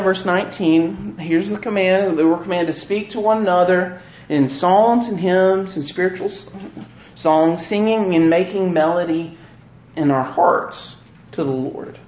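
Man preaching slow n earnest, lots of questions, echoey room. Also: high voice. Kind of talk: sermon. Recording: roomy, slightly dull recording.

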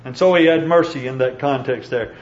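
A man preaching a sermon, earnest and unhurried, quoting scripture and pausing with fillers. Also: mid-range voice. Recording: echoey, dull room sound.

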